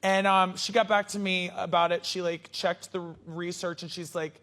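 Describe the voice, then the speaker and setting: A woman's voice: medium pitch, steady tone, normal speed, hardly any pauses, a bit bright, a little hiss or hum. A woman comedian telling a self-mocking story as a talk show guest, laughing through her punchlines.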